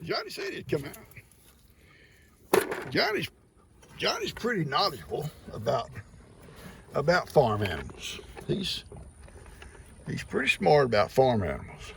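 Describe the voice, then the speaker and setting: An older man with a gravelly, expressive voice whose pitch swings widely. He chats casually outdoors on his farm. He scolds his livestock fondly and calls out to them loudly in a high voice, with faint noise in the background. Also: unhurried, long pauses. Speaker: farmer. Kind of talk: casual farm vlog, talking to animals.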